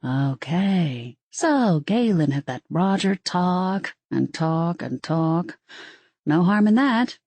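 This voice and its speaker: A woman's voice: low-pitched, animated, very slow, warm tone, no room sound. A woman narrating a first-person audiobook in a wry storytelling manner.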